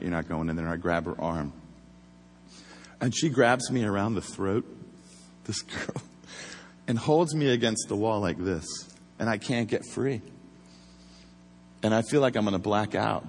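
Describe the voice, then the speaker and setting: A former police officer telling a story in a casual, animated way, acting out the voices he quotes. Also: mid-range voice, long reverb tail, a little hiss or hum.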